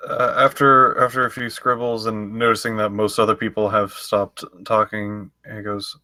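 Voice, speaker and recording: A man with a lowish voice describes his character slowly, stretching out his words. The sound is bright and close, with a dry edge. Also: little pitch movement, no room sound. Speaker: player.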